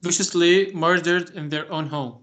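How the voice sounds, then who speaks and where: Male student, bright, somewhat high voice, reads aloud haltingly. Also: fairly even intonation. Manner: halting, careful reading. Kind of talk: reading aloud in class. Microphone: video call.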